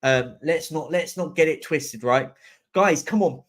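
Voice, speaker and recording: A man's voice: a little high, unhurried. A young man hosting a live stream, chatting casually and answering viewer comments as they come in. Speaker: livestream host.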